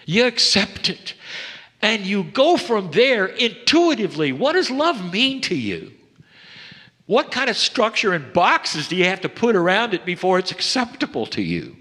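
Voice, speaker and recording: A man delivering a channeled spiritual message to a live audience, slow and solemn, swelling up and then sinking to a soft hush. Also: high-pitched, wildly swooping pitch. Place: event hall. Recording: long hall reverb.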